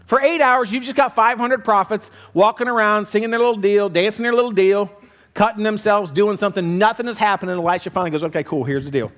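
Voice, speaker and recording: A man preaching a sermon as pastor, animated, acting out quoted voices and dropping to quiet, low lines for emphasis. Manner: acts out quoted voices, quick conversational delivery.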